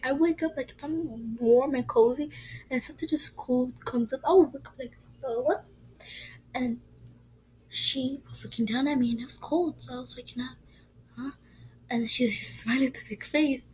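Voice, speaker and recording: A woman's voice: on the high side, a little mellow, slightly rough, rough recording. A woman telling a ghost story in a casual, rambling way, often dropping to a whisper.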